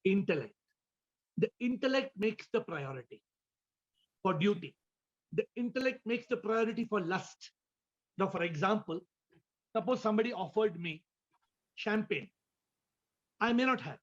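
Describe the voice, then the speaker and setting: A man's voice: high-pitched, expressive, normal speed, pauses often, muffled recording. A man, a spiritual teacher, giving a question-and-answer talk over a video call, often repeating words and asking listeners questions.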